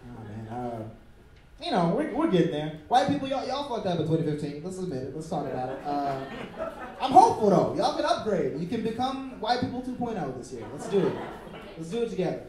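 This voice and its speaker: A man's voice: sits high, big pitch swings, brisk, a crowd in the background. A young man doing a stand-up comedy set in a club, talking loosely with lots of fillers and slipping into acted asides. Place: comedy club stage before a live audience. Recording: roomy club sound, far mic, audience. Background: audience laughter.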